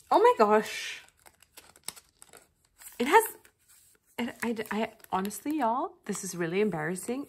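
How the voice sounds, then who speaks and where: Gushing woman with a lively, swooping voice. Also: mid-range voice, slightly rough. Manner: gushing and excitable, with frequent gasps, laughs and "oh my gosh"; chatty and rambling, with fillers and restarts. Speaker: vlogger. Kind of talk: casual unboxing chat.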